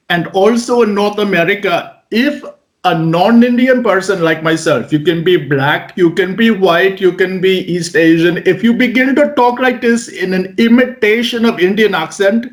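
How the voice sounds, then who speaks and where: Male magician guest, slightly raised pitch, energetic storyteller, stammers through restarts. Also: normal speed. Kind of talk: interview conversation.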